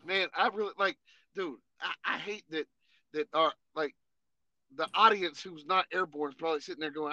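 A man co-hosting a podcast, telling animated, profane, laughing war stories in casual chat. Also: fairly high pitch, moderate pace, no room sound, highs cut off. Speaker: podcast co-host.

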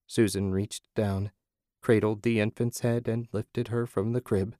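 A man narrating a story as an audiobook in a measured, dramatic way. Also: lowish voice, flat delivery, mellow, no room sound, clean studio sound.

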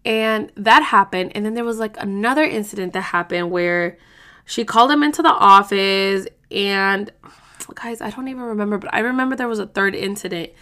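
Young woman, podcast host, bright edge to the voice, loose and profane storyteller. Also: medium pitch, moderate pace, clear, resonant tone. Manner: profane, blunt, chatty. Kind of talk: casual storytelling.

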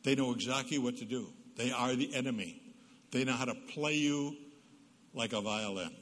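A man's voice: mid-range voice, normal speed, a bit bright. A psychologist giving a humorous parenting talk at church, a storyteller who acts out the quotes he tells. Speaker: guest speaker, psychologist. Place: church hall. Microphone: PA microphone. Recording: reverberant church hall.

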